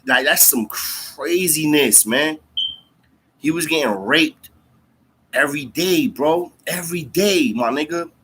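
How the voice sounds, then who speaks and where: A man's voice: fairly high pitch, takes it slowly, pushed and bright, slight background noise. A man telling a story in casual, slangy speech full of fillers and profanity. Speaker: storyteller recounting jail time.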